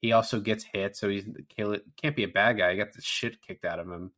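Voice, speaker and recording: A man's voice: on the low side, steady tone, fairly quick, sharp tone. A man co-hosting a podcast, chatting casually about a movie, swearing freely and acting out lines from scenes. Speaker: podcast co-host. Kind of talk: casual film review chat.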